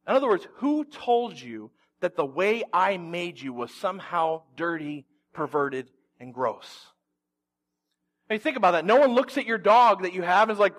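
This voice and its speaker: High-voiced man preaching an animated sermon. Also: moderate pace. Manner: animated storytelling with humorous asides. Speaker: pastor. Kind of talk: conversational sermon.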